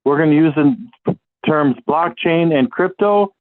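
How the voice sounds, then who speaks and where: A man's voice: on the high side, unhurried. A man with a Midwestern American accent hosting a podcast, talking earnestly and encouragingly with frequent fillers and restarts. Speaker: podcast host. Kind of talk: casual solo podcast talk. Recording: tinny phone-like audio.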